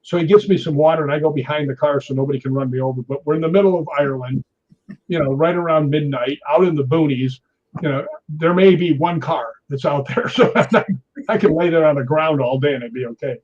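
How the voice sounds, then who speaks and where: A man in his sixties, interviewed as a guest, tells stories animatedly in a slightly high, fast voice, acting out people's quoted words. The audio is dull and lo-fi.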